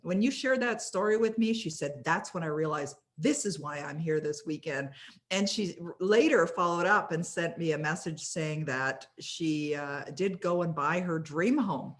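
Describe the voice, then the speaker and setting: A woman's voice: low voice, moderate pace. Laughing woman telling stories on a video call. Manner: laughs often while telling anecdotes. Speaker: author and coach being honoured. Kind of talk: casual storytelling on a video call.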